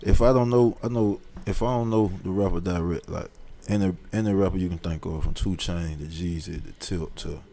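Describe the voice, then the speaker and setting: A man's voice: low-pitched, steady tone, brisk, gravelly, mellow. A man from the US South, a rapper guest, chatting in a laid-back, rambling way and dropping names. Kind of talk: casual chat.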